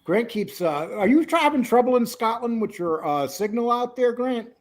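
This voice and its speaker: A man's voice: extremely high pitch, lively intonation, normal speed. A man hosting a casual live-stream chat. He rambles and teases, with many fillers. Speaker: host.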